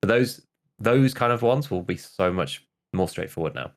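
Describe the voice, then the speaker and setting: A man's voice: lowish voice, lively intonation, moderate pace. A man co-hosting a podcast in casual chat, agreeable and eager.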